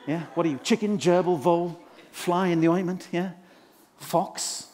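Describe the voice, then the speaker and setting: On a conference stage in a live comedy act, a man plays a pompous, self-adoring management guru, boastfully spouting showy rhymes and quizzing the audience. His voice is high, steady, darkish, near an everyday voice, at normal speed.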